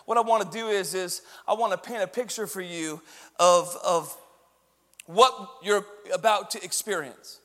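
A man preaches a storytelling sermon, his voice pitched high and bright for a man. He swings from quiet, confiding asides to loud, driving emphasis. A long reverb rings around him in a large church hall. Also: normal speed. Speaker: pastor.

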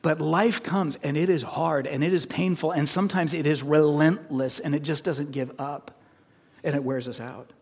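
A man's voice: fairly high pitch, fairly even intonation, normal speed, a little mellow, slightly rough. A man preaching a sermon to his congregation in a church, in an earnest, conversational manner that builds in intensity. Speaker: pastor. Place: church sanctuary.

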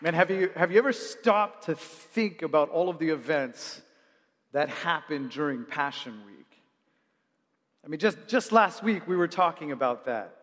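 A man preaching a sermon to his congregation in a church, moving between loud, shouted praise and hushed, slow storytelling. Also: on the high side, expressive, in a large hall, a faint crowd. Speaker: pastor. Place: church sanctuary.

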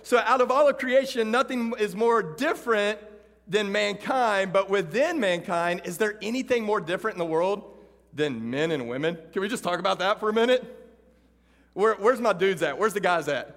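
A male preacher with a Texan accent addresses a crowd of students in a sermon, his voice sitting fairly high. He swings from rousing calls to the audience to hushed storytelling. The recording carries a long reverb from a large hall. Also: normal speed. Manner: animated, shifts from loud calls to hushed storytelling.

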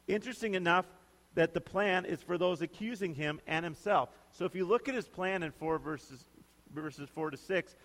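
A man's voice: on the high side, a bit bright. A male pastor preaching a sermon in a conversational, emphatic way, often putting questions to his listeners. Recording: long hall reverb.

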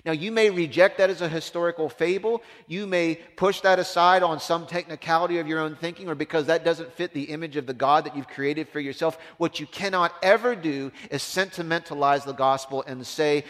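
A man preaching a sermon as a pastor, impassioned, swinging from loud emphasis down to hushed, low tones. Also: fairly even intonation, fairly quick, hardly any pauses. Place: church. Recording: long reverb of a large hall.

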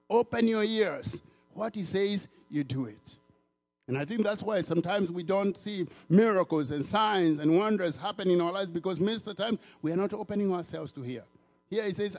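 A man from Africa preaching a sermon in an animated way, repeating words and acting out the voices of people he quotes. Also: sits high.

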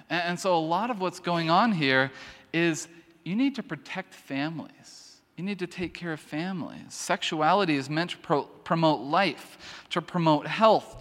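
A man's voice: fairly high pitch, fairly bright tone. Preaching man in a reverberant church. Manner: conversational, frequent restarts and asides while reading scripture. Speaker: pastor. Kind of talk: sermon.

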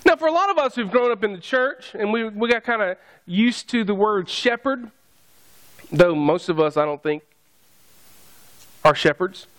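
A man's voice: sits high, animated, moderate pace, pauses often, a bit bright. A man preaching a sermon, conversational and joking with his congregation. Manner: conversational, jokey asides to the congregation. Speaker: pastor.

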